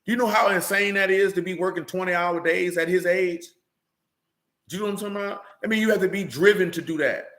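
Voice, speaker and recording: A man's voice: high-pitched, fast, fairly bright tone, roomy sound. A man preaching in a blunt, profane street-slang manner, often asking "you know what I'm saying.". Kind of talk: streamed sermon-style rant.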